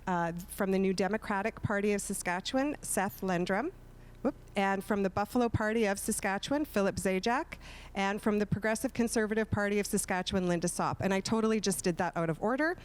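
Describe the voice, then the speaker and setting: A woman moderating a televised candidates forum, chatty and informal, with filler words and self-corrections. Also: mid-range voice.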